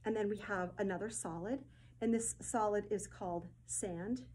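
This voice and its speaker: A woman presents fabrics in a casual, gushing way, repeating her praise and pausing on ums. Her voice sits at an ordinary middle pitch. A faint hiss of noise runs under the recording. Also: fairly even intonation, a little mellow, poor audio. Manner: effusive, gushing, repeats words, many ums. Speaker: host presenting fabric collection. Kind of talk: casual product showcase.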